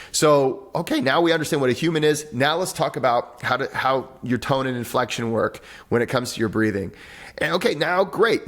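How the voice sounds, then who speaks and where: Appearing as a podcast guest via video call, a man who teaches breathwork and writes books explains ideas with animated energy in a conversational interview. He often restarts his sentences and puts on small voices, speaking at a medium pitch.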